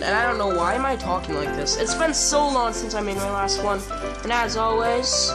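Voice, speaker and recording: A young man hosting gameplay commentary, chatty and excitable. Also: high-pitched, moderate pace, loud music behind the voice. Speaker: gaming channel host.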